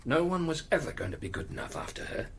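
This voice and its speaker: An actor playing a gentle, worried middle-aged father. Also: fairly high pitch, sing-song, fast talker, gravelly, whispered. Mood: coaxing. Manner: soft, coaxing. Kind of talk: audio drama acting.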